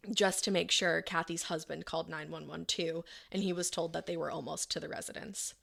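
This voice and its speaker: A woman with a low, gravelly voice hosts a podcast. She tells a true-crime story in a loose, conversational way, filling it with "like" and slipping into the voices of the people involved. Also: fairly even intonation, brisk, fairly bright tone. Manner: conversational, frequent "like" fillers, acts out quotes. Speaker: podcast host.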